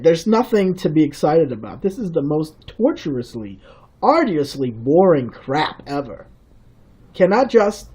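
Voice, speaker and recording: A man's voice: on the high side, mellow, breathy edge. A man ranting sarcastically in a comedic video commentary. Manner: ranting, mocking.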